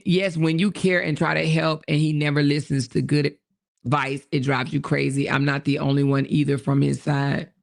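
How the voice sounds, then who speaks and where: A woman hosts a casual livestream, reading viewer comments and reacting to them bluntly, with plenty of swearing. Her voice has a rough, gravelly edge. She laughs a lot and drifts off mid-thought. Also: deep voice. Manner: blunt and profane, laughing often, loses her train of thought. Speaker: livestream host.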